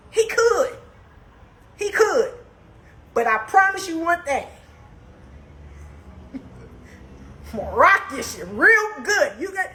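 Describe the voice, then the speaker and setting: A young woman on a live stream, telling a story in casual slang that moves from calm asides to heated outbursts. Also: extremely high pitch, reverberant, rough recording.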